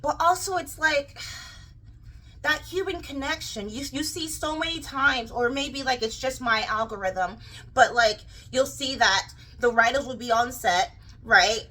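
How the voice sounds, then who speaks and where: Young woman w a girly childlike voice, rambly vlog rant, bright and a bit high, lots of ums and restarts. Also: unhurried, rough recording. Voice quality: childlike, girlish way of talking. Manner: rambling and animated, many fillers and restarts. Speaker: vlogger. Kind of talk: casual rant to camera.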